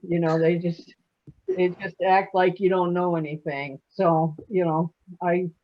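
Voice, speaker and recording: A woman's voice: on the low side, little pitch movement, unhurried. A woman in her sixties from Alabama, a poet telling chatty, folksy stories in an interview and laughing often. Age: 60s. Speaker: poet guest. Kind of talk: casual interview storytelling. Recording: muffled lo-fi audio.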